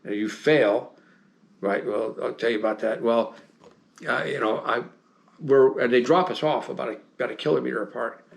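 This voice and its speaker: A man's voice: mid-range voice, normal speed, creaky. A man in his seventies with an American accent, a guest telling long, rambling anecdotes in a casual interview, full of restarts and fillers and frequent chuckles. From United States. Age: 70s. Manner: chuckles often while telling stories.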